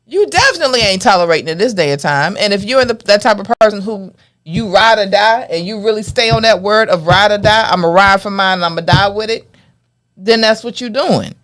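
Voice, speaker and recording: Unhurried woman co-host making points. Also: medium pitch, lively intonation, fairly bright tone. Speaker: podcast co-host. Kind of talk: casual chat.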